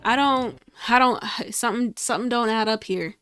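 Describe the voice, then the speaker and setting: Exasperated high-voiced woman streamer. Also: normal speed, a bit bright, clear, resonant tone, dry recording, clean studio sound, soft background music. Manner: exasperated, swears freely, talks to the game. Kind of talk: live gameplay commentary.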